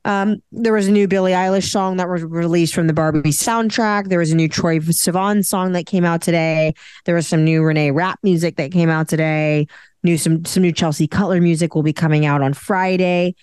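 A woman's voice: on the low side, steady tone, normal speed, darkish tone, clean tone, no echo, clean studio sound. A woman co-hosting a podcast, chatting casually and rambling with lots of fillers. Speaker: podcast co-host. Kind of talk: casual chat.

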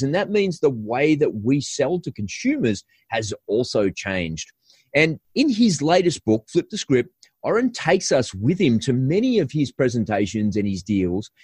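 A man's voice: medium pitch, darkish tone, breathy edge, no echo. A male podcast host giving an upbeat, promotional intro and then interviewing a guest.

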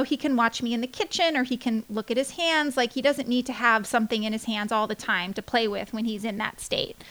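A woman's voice: a little high, a bit bright. A young woman hosting a casual diary-style podcast, rambling along with many fillers and restarts. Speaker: podcast host, parent.

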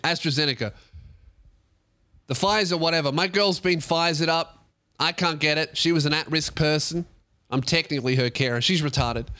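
A man's voice: on the high side, sharp tone. A young Australian man hosting a podcast, ranting in a casual, sarcastic, profane way. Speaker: podcast host and comedian.

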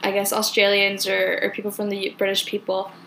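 Chatty Californian woman, bright voice. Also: mid-range voice, monotone, brisk, gravelly, slight background noise, poor audio. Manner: chatty, heavy use of "like". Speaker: podcast host. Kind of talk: casual chat.

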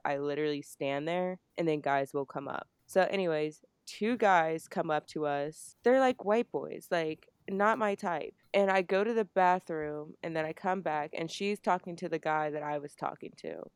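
A woman's voice: lowish voice, moderate pace, few pauses, clean tone, no room sound, studio quality. A young woman from New Jersey telling a story on a casual podcast, swearing freely and acting out the lines of the people in it. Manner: animated, swearing, acts out quotes. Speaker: podcast co-host.

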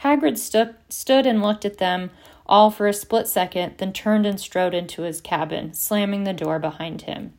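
A woman narrating an audiobook at a steady pace and doing voices for the characters. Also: mid-range voice, moderate pace. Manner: steady storytelling, reads several voices. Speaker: audiobook reader.

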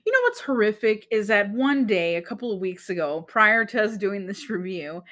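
A woman's voice: medium pitch, normal speed, fairly bright tone. A young woman co-hosting a podcast, chatting casually about a movie and telling stories with frequent laughter. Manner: chatty storyteller, laughs often. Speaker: podcast co-host. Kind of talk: casual movie-review chat.

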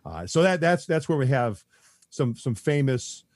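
A man's voice: medium pitch, very animated, measured pace, a little mellow, no echo. A man chatting as a podcast guest, rambling with lots of fillers and restarts and chuckling often. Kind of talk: casual podcast chat.

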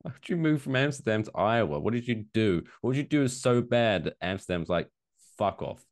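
A man co-hosting a casual podcast chat, animated and profane, slipping into mocking quoted voices. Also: on the low side, brisk. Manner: animated, swearing, jokey mock quotes. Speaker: podcast co-host.

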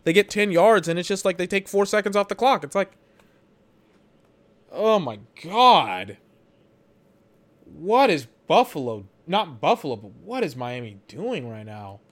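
A man's voice: high-pitched, lively intonation, normal speed, hardly any pauses. A man giving rambling, exasperated commentary while he watches a football game for his podcast, swearing now and then. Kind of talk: live watch-along commentary.

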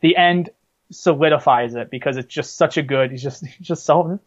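A man with a fairly high-pitched voice co-hosts a casual movie podcast, chatting through a movie countdown at normal speed. He's an animated storyteller, full of fillers and restarts, and the recording sounds muffled.

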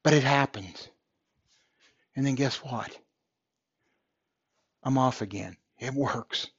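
A man's voice: medium pitch, slow pace, slightly rough, dry recording, muffled recording. A man hosting a podcast, delivering an earnest motivational monologue and repeating phrases for emphasis. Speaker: podcast host.

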